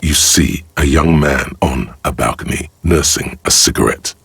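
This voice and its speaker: The gravelly, deep narrator of a game. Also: male voice, normal speed, a bit bright, slight background noise, exaggerated voice. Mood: theatrical. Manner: wry, theatrical inner commentary. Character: grave omniscient male narrator voice, the detective's inner skills. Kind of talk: video game voice acting. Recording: game audio with faint music.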